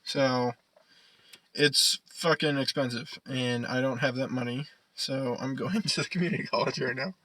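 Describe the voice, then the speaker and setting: Young guy, podcast co-host, loose profane rambling, bright edge, dry close mic. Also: medium pitch, normal speed, dry recording, rough recording. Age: young adult. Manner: rambling, profane, laughs often. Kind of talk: casual chat.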